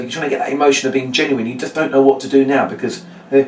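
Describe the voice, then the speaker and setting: A man, a children's magician, demonstrating a trick step by step and acting out his patter with a brighter voice. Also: steady tone, very fast, slight background noise. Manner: explains step by step, then acts out his patter in a bright, higher voice. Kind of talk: demonstration lesson. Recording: echoey room, mic at a distance.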